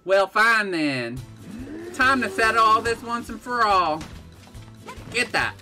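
A man's voice: high voice, expressive, slow pace, pushed and bright, faint music behind, voice pushed up, heavily acted. Man putting on a drawling cocky western outlaw. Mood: defiant. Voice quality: drawling put-on western twang.

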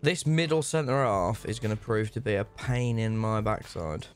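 A man's voice: fairly low pitch, expressive, moderate pace, soft background music. A young man playing a video game with a friend, joking and teasing in a laid-back way. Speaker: guest gamer. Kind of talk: casual gameplay banter.

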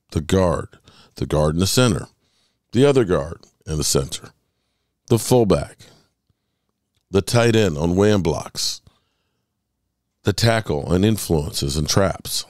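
A man's voice: low voice, a little mellow, dry recording, clean studio sound. A man hosting a sports podcast, talking emphatically in solo commentary and stretching words for emphasis.

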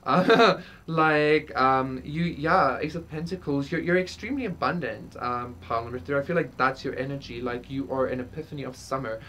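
A woman's voice: very deep voice, normal speed, fairly bright tone, a little hiss or hum. A woman doing a casual tarot reading, rambling with many fillers and casual swearing. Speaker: tarot reader. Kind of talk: casual spiritual reading to camera.

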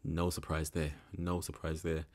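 A man's voice: a bass voice, level tone, moderate pace, darkish tone. A young man giving rambling, frank commentary in a casual reaction video. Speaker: reaction channel host.

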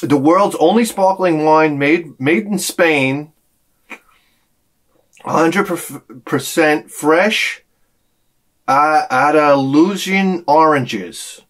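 A man with a somewhat high voice hosts a casual unboxing vlog as a YouTube collector. He draws out his words and pauses often, rambling through animated stories full of exclamations.

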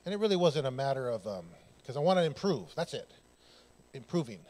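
A man preaching a church sermon, telling personal stories in an animated way and acting out the dialogue. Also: medium pitch, fairly quick. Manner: animated, loud bursts, laughing, acts out dialogue. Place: church sanctuary.

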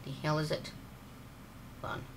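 A man's voice: normal speed, noisy background. A young man doing casual gameplay commentary, swearing and blowing up at a frustrating game. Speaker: gaming YouTuber.

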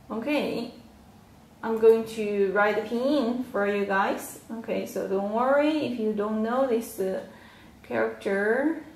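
Woman, Chinese accent, language teacher, patient, gravelly fry, roomy echo. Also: a little high, darkish tone. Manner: slow, patient, repeats words and tones aloud. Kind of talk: whiteboard language lesson.

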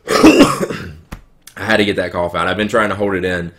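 A young man with a Southern US accent, a little sick, rambling excitedly through a live unboxing at home. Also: sits low, fast. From American South. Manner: rambling, filler-heavy, excitable. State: sick, coughing. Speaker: YouTuber. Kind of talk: live-streamed unboxing chat. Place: home room, girlfriend nearby. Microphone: webcam.

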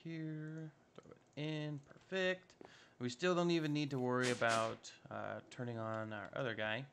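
Noise fills the background as an unhurried, creaky, mid-range male voice delivers lines flatly. He's a Minecraft modpack let's-play host, offering relaxed, upbeat commentary and talking to himself while he builds in a modded block game.

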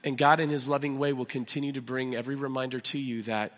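A man preaching a sermon as pastor, animated and emphatic, with loud acted outbursts and a hushed, prayerful close. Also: mid-range voice, fast, hardly any pauses. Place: church sanctuary. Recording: church hall with long reverb.

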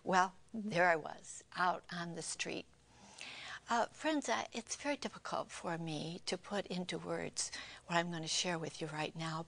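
Older woman giving a hushed, heartfelt testimony. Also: lowish voice. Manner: heartfelt, often dropping to an unvoiced whisper. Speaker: co-host of a Christian television program. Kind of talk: personal testimony to a television audience.

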